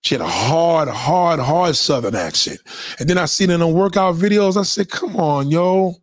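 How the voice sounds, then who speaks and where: A man's voice: on the high side, big pitch swings, normal speed, dry recording. A man hosting a podcast, telling loose, profane stories and reacting to live comments in casual chat. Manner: loose, profane storytelling, lots of restarts. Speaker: podcast host.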